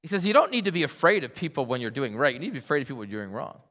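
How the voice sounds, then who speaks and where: A middle-aged man preaching a sermon as a pastor, animated and acting out voices in his stories. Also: medium pitch, racing. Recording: long hall reverb.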